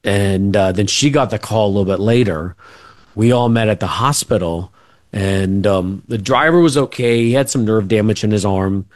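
A man's voice: on the low side, moderate pace, no room sound, clean studio sound. A middle-aged man, a radio interview guest, telling family stories in a rambling way with many fillers and restarts. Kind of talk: casual storytelling.

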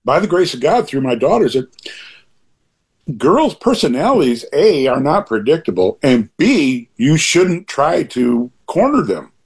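A man's voice: fairly high pitch, sing-song, unhurried, darkish tone, slightly rough. An older man talking as an interview guest, earnest and rambling, often restarting and going off on asides. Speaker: author guest being interviewed. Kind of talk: reflective interview talk.

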